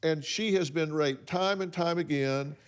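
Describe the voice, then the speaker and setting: A man's voice: on the high side, unhurried, smooth. A man hosting a talk show, counseling a guest in a blunt, emphatic, lecturing way. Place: TV studio with audience.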